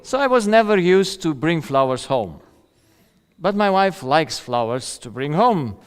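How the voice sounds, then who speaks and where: Slow, high-pitched man lecturing in a hall. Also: very animated, clear, resonant tone. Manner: conversational, checks in with "yeah?" and "yes?"; chuckles at his own anecdotes. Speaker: seminar speaker. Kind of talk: seminar lecture.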